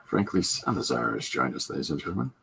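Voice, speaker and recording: A man's voice: a bass voice, sing-song, fast, gravelly, a bit bright, breathy edge. A man hosting a live stream, chatting loosely as he demonstrates comic inking and coloring, rambling and joking with many fillers. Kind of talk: casual live drawing demonstration.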